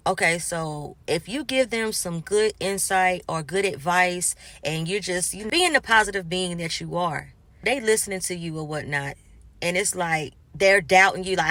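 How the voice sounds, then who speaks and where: A woman's voice: lowish voice, normal speed, dry recording. A woman vlogger in a casual motivational monologue, speaking emphatically and acting out what other people say. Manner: emphatic, acts out quoted people in animated asides.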